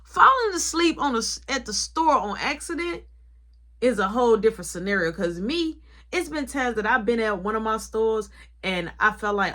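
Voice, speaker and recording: Animated woman telling a store story. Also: a little high, moderate pace. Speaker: store manager. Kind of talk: casual storytime vlog.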